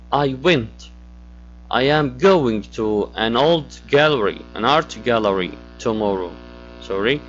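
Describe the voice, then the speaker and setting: A man walks through a grammar lesson at a slow, careful pace. He asks questions and repeats key words. The recording sounds a little muffled, with faint music behind him. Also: mid-range voice. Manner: explains step by step, switches to Arabic glosses, asks questions. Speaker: English teacher.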